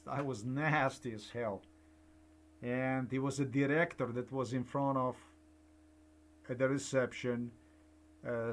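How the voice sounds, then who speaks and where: An older man, giving rambling personal commentary that repeats and digresses. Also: mid-range voice. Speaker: vlogger.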